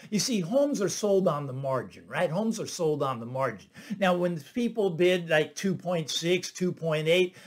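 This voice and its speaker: A middle-aged man who works as a real estate agent hosts his own channel, explaining things in casual commentary. He repeats phrases for emphasis and keeps asking "right?". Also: high-pitched. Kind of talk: casual talking-head commentary.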